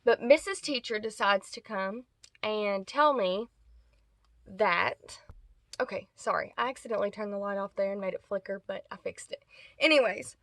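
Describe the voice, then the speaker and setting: Bright-voiced woman telling a rambling story. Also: medium pitch, normal speed, no room sound. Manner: rambling, self-correcting. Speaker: vlogger. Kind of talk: casual storytime vlog.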